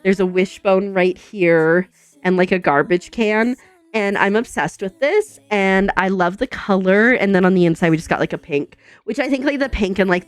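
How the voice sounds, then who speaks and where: A young woman streaming from home, chatting casually with viewers, bubbly and chatty, full of "like" and quick laughs. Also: mid-range voice, no echo. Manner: says "like" a lot. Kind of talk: casual chat with chat readers. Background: soft background music.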